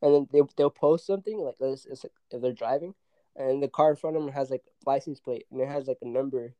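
A young man co-hosting a podcast, talking in a relaxed way, swearing freely and laughing often. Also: mid-range voice, quick pace, no echo, rough recording. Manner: laid-back, swears a lot, laughs often. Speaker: podcast co-host. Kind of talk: casual chat.

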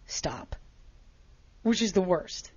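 A woman's voice: on the high side, moderate pace, muffled recording. A woman casually chatting on a talk show, telling a story dramatically and acting out what people said. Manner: animated, dramatic retelling with acted-out quotes.

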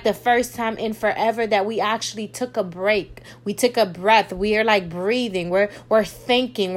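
A young woman hosting a faith podcast, talking in a preachy way and repeating phrases for emphasis. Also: medium pitch. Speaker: podcast host. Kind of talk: faith-based encouragement monologue.

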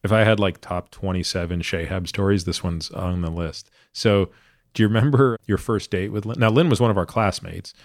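Low-voiced man hosting a relaxed chat. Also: brisk, no echo, clean studio sound. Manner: reflective, loose, lots of "like" and "you know". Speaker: podcast host. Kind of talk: casual interview chat.

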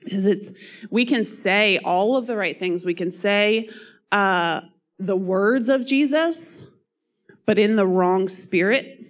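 A woman's voice: medium pitch, slow pace. A woman preaching a sermon while losing her voice; she talks earnestly, coughing and laughing between phrases.

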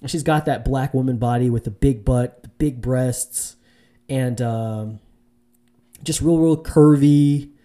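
A man with a dark tone speaks at a slow pace, casually telling a dating story to camera. He's a vlogger offering dating advice, and his talk rambles with fillers and restarts, including high-voiced mimicry of women.

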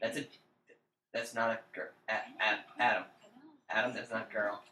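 A man's voice: on the low side, flat delivery, normal speed, sharp tone, slight background noise. A young man co-hosting a casual gaming podcast, teasing and daring his friend with lots of swearing. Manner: taunting, profane, keeps daring his friend. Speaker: podcast co-host. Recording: roomy echo.

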